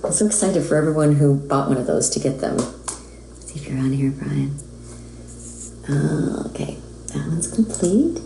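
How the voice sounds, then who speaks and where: A woman's voice: low-pitched, unhurried, creaky, pauses often, dark tone, echoey room, a little hiss or hum, rough recording. A woman from the United States, a voice actress who chats casually with fans while she signs autographs. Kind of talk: casual live-stream chat.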